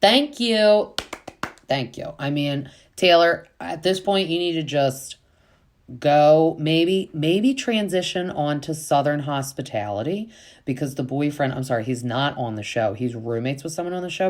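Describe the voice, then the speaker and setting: A woman hosting a podcast, giving an opinionated, chatty recap of reality TV with lots of "like" fillers and quick acted-out quotes. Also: low voice, a little mellow. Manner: acts out quotes in quick voices. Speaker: podcast host.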